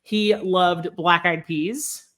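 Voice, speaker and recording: A woman's voice: fairly low pitch, fairly even intonation, very slow, fairly bright tone. A woman from Texas co-hosting a podcast, chatting casually with plenty of ums and easy laughter. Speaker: podcast co-host. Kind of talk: casual chat.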